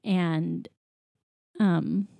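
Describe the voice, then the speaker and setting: A woman's voice: fairly low pitch, steady tone, drawn-out words, gravelly, mellow. A woman casually recapping a movie in chat, retelling scenes with playful character voices.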